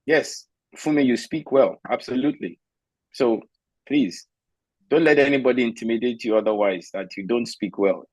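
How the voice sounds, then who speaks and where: A man's voice: mid-range voice, moderate pace, a little mellow, no echo, rough recording. Nigerian-born guy on a zoom call, blunt storytelling advice, dry close sound. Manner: emphatic, candid storyteller, gives firm advice. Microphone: video call.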